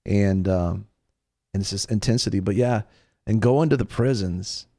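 Southern guy hosting a church talk show, low gravelly voice, dry close sound, tells stories animated. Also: normal speed, dry recording. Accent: American Southern. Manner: animated storyteller, acts out quotes. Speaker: radio show host. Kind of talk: casual faith talk show chat.

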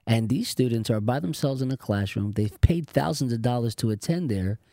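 Mellow gravelly man exhorting listeners. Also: medium pitch, animated, normal speed, dry recording, clean studio sound. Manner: affirming, exhorting. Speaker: co-host of a Christian talk show. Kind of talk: conversational preaching.

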